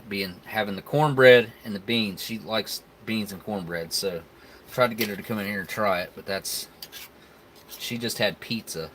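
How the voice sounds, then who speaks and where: A man's voice: lowish voice, fairly bright tone, a little hiss or hum. A man, hosting a casual live stream where he tastes food and chats with viewers in a laid-back, rambling way. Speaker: live stream host reviewing military rations.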